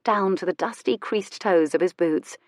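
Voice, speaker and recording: A woman narrating a historical romance audiobook in an expressive, measured storytelling manner. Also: on the low side, no echo, studio quality. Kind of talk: scripted narration.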